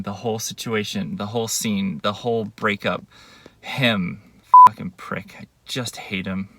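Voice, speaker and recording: Low-voiced man venting, loud road noise. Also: steady tone, measured pace. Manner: rambling, bitter, swears heavily. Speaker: video diary vlogger. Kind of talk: confessional video diary.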